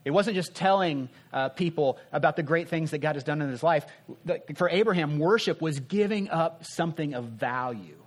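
A man preaching a sermon in a conversational way, asking rhetorical questions and dropping his voice softly to make a point. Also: fairly high pitch, expressive, normal speed. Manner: earnest, drops soft for emphasis.

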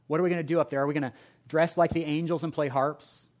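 A man's voice: on the high side, steady tone, quick pace, darkish tone. A man preaching a sermon to a congregation, earnest and pleading, building long rhythmic lists. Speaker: pastor. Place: church service before a congregation.

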